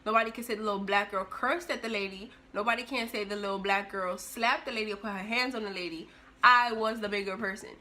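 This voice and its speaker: A young woman telling a personal story in a casual, animated way, with sudden bursts of loudness. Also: mid-range voice, fast. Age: young adult. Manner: animated, expressive, with big jumps in loudness.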